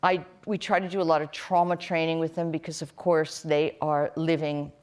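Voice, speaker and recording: Low-voiced woman, earnest panel speaker. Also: level tone. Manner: earnest, measured, with fillers and restarts. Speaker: panel guest, human rights director. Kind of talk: live panel discussion.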